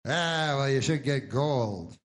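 A man voicing a pushy older male pitchman from a gold commercial, talking in a loud salesy pitch. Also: animated, slow.

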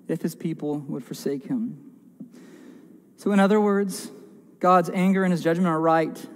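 A pastor delivers an earnest, emphatic sermon, driving his points home through repeated phrases and the odd stumbling restart. His voice sits high for a man. It rings out with a long reverb through a church sanctuary.

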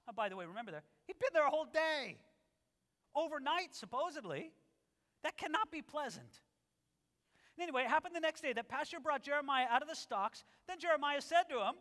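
A male pastor preaching an expository sermon in an animated, conversational way. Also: extremely high pitch, moderate pace, long reverb tail. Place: church sanctuary.

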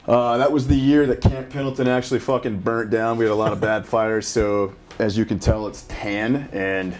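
A man's voice: lowish voice, level tone, normal speed, darkish tone, slight background noise. A man in his thirties, a military veteran, telling loose, profanity-heavy stories in casual reaction chat. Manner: profane, swears constantly, loose storytelling. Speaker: special operations veteran reacting to a game.

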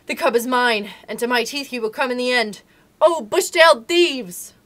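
A woman voicing a furious, arrogant male tiger who roars slow, old-fashioned threats in a storybook reading. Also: a little high, a bit bright, voice pushed up, natural voice. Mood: snarling. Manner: slow, roaring, archaic threats.

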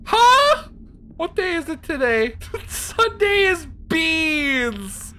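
A young woman streaming games live on a headset mic, excitable, laughing often and swearing freely. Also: very high-pitched, drawn-out words, a little hiss or hum. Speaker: game streamer. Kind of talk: live gameplay commentary.

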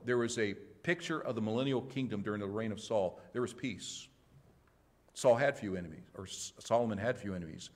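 Baptist pastor preaching a sermon. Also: male voice, on the low side. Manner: impassioned preaching, swinging from loud to hushed.

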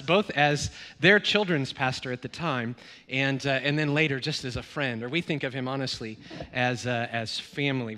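A middle-aged man preaching as a guest pastor, telling stories with many fillers and acted-out dialogue. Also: on the high side. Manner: warm storytelling with many fillers and quoted dialogue. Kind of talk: sermon. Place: church sanctuary. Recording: long reverb of a church hall.

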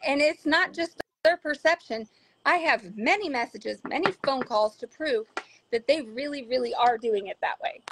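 A woman's voice: high voice, background noise. A woman, a mother, talking earnestly in a casual discussion and acting out quotes now and then. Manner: earnest, quick to act out quotes. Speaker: parent guest.

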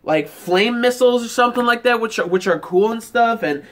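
A man's voice: very high-pitched, fairly quick. A man giving a casual, rambling, enthusiastic episode review, with lots of "like" fillers. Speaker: anime reaction reviewer.

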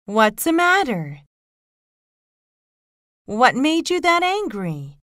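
Slow, lilting woman reading phrases. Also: sits high, huge pitch swings, fairly bright tone, no room sound, studio quality. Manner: slow, lilting, carefully enunciated. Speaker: narrator voicing a mother's lines.

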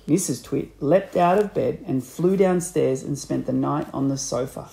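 A man reading a children's book aloud, with expressive, animated storybook narration. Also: mid-range voice, normal speed, vocal fry, low-quality recording. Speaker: audiobook reader.

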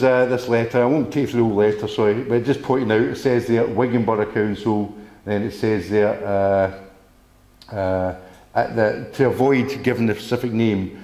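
A man's voice: lowish voice, a little mellow, reverberant. A man giving an emphatic, indignant public talk to an audience, rambling with restarts and the odd swear word. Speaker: speaker at a public meeting.

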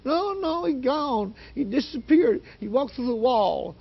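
A terrified teenage girl sobs in a thin, squeaky voice pitched far above ordinary speech. Her words tremble and break with fear. The sound is dull and lo-fi, like an old 1980s broadcast. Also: lively intonation, unhurried, creaky, breathy edge, exaggerated voice. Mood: panicked. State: crying, shaking with fear.

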